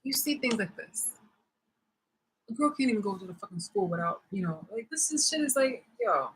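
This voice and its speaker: A woman's voice: mid-range voice, animated, moderate pace, slight background noise, rough recording. A woman vlogger ranting angrily and sarcastically, swearing hard and breaking into bursts of laughter. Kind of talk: heated vlog rant.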